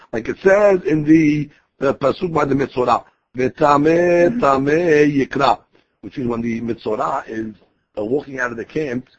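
A man's voice: on the high side, breathy edge, muffled recording. A man teaching a daily Talmud class in a conversational way, explaining the text phrase by phrase and restarting sentences as he goes.

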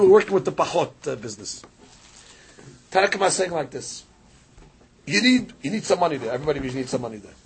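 A man's high, slightly rough voice carries this Talmud lesson as he explains a passage back and forth, interspersing Aramaic readings with English commentary. He's animated and rises sharply whenever he reaches a key point.

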